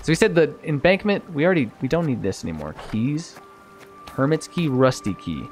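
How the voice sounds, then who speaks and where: A man's voice: a little high, a little fast, soft background music. Chatty man streaming a card game. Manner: thinks aloud, self-mocking, easily excited. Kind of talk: casual let's-play commentary.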